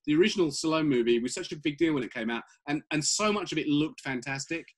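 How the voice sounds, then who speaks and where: A middle-aged British man chatting as an interview guest, quick and full of restarts and repeated words. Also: fairly high pitch, animated. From Britain. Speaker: guest comic writer. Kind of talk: casual interview chat.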